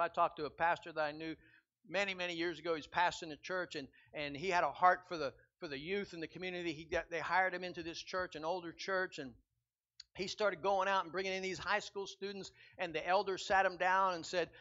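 A man preaching a sermon as pastor, building from quiet reflection to loud, emphatic repetition. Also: a little high, fairly even intonation, fairly quick. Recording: dull lo-fi sound.

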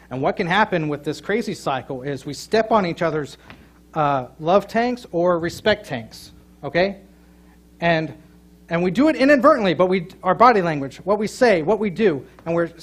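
A middle-aged man preaching a sermon, telling a funny story and joking with his congregation, with loud emphatic peaks. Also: on the high side. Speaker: pastor. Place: church sanctuary.

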